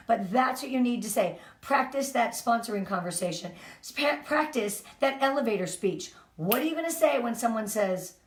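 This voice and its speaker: Middle-aged woman, upbeat sales coach, bright high-ish voice, echoey room. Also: normal speed. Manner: energetic, coaching, emphatic. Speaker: team leader. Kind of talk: motivational team talk.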